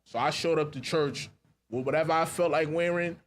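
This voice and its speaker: A man's voice: fairly high pitch, steady tone, brisk. A man with a New York accent co-hosting a podcast, telling stories in a laid-back, casual way. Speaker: podcast co-host. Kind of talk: casual chat.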